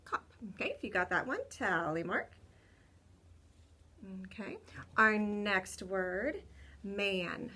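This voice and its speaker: A young woman teaching kindergarten children remotely, talking slowly and clearly, repeating words and cheering them on. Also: mid-range voice, lively intonation, bright, forceful tone. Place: home room with a window.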